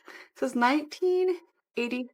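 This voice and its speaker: A woman's voice: high-pitched, unhurried. A woman vlogging casually from a room at home, chatting in a rambling way and correcting herself as she goes. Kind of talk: casual vlog chat.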